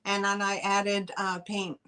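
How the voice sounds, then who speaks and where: A woman with a New York accent runs a live sale, talking at an unhurried pace. She chats with her viewers and greets them by name. Her voice sits at an ordinary middle pitch. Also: monotone, sharp tone, clear, resonant tone. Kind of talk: live-stream selling chat.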